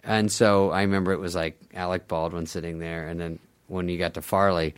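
A man's voice: deep voice, level tone, a little fast, clear, resonant tone. A man, a guest comedian, telling stories in a casual chat, laughing often and acting out the people he quotes.

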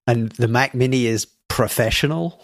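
A man with a Scottish accent trades wry, deadpan jabs in a casual podcast chat. His voice sits at an ordinary middle pitch. The recording is dry and close, with no room echo. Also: moderate pace. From Scotland. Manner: dry, wry teasing delivery. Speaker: podcast co-host.

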